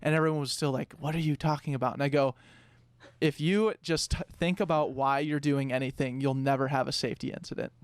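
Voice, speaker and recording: A man's voice: medium pitch, fairly even intonation, a little fast, clear, resonant tone, no echo. A young man, a podcast co-host, telling a work story in a rambling, casual way with lots of fillers.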